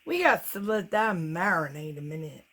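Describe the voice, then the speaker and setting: A woman's voice: fairly low pitch, animated, normal speed, a bit bright, rough recording. A middle-aged woman, an acrylic pour artist, chatting casually and rambling while she paints in her home studio. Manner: chatty, rambling, self-teasing.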